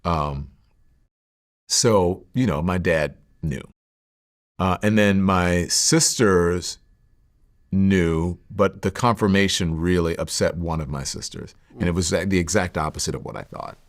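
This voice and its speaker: Middle-aged guy, low gravelly voice, talking slow and halting, lots of um and you know. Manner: reflective, halting, many fillers and restarts. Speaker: interview guest. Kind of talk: candid sit-down interview.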